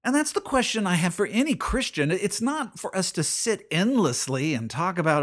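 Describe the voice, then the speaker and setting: Earnest middle-aged guy, voice sits a bit high, keeps repeating himself while reflecting on faith. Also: big pitch swings, normal speed, few pauses, a bit bright. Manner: earnest, repeats phrases, restarts sentences. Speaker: podcast host.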